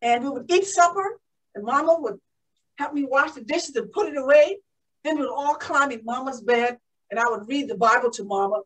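A woman performing a pioneering woman aviator who tells of her childhood in an animated one-woman show, gasping with excitement. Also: high-pitched, moderate pace, far from the mic, close to an everyday voice, poor audio. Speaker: living-history performer.

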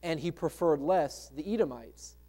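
A man's voice: fairly high pitch, lively intonation, normal speed, dark tone. A man preaching a sermon as pastor, in a conversational way with rhetorical questions to the congregation. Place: church sanctuary.

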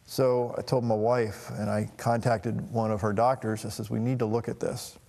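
A middle-aged man telling a personal family story in a halting, emotional way, with frequent restarts. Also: mid-range voice, flat delivery, creaky, mellow, in a large hall. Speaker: talk show host.

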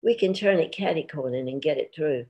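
A woman's voice: deep voice, expressive, brisk, warm tone, lo-fi sound. A woman reading the part of a chatty farm wife who coaxes and pleads in folksy dialect. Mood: pleading. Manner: sweet-talking, pleading, folksy.

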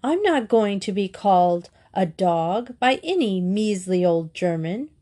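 Casting: woman doing a defiant, high-voiced schoolgirl, quick to take offence, storybook reading. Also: very animated, mellow. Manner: quick-tempered, indignant. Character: impulsive, rude English schoolgirl.

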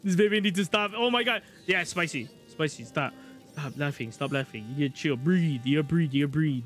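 A man streaming a video game live, excitable, swearing a lot and joking with chat. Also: a little high, moderate pace, soft background music. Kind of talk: live gameplay commentary.

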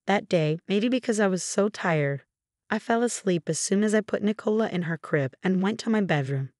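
A woman narrating a first-person story in an even, plain storytelling manner. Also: on the low side, no echo, clean studio sound.

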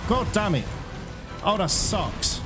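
A man on his gaming channel talks through a hunt, swearing and groaning whenever things go badly. His voice sits a little high and swings widely in pitch. Loud game music plays behind him throughout. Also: sing-song, takes it slowly. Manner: frustrated swearing, frequent exclamations. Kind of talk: live gameplay commentary.

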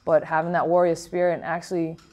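A woman's voice: on the low side, level tone, fast talker, a little mellow. A woman boxer from Rhode Island, answering interview questions frankly and reflectively, with many fillers and restarts. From Providence, Rhode Island, USA. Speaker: professional boxer.

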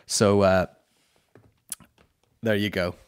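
A man's voice: on the low side, little pitch movement, drawn-out words, clear, resonant tone. A man hosting a comedy podcast, telling a heated, sweary story in an exasperated rant. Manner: sweary, heated and exasperated, with frequent "you know what I mean".

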